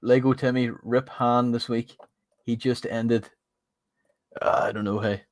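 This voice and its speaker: A man's voice: mid-range voice, fairly even intonation, measured pace, dry recording. A man co-hosting a livestream, joking and bantering with viewers. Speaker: livestream co-host. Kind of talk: casual livestream chat.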